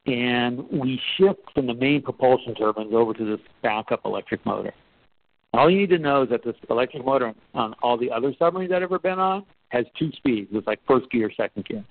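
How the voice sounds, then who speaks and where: A man giving a storytelling talk about leadership, conversational and animated, acting out quotes. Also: a little fast, dry recording. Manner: animated, acts out quotes with rising pitch; conversational, with fillers and restarts. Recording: tinny phone-like, dry.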